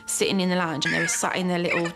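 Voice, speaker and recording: A woman's voice: on the low side, flat delivery, rapid-fire. A woman of forty, a mother of twins, speaking wearily and plainly in a documentary interview. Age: 40s. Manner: weary, plain-spoken recollection. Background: soft music.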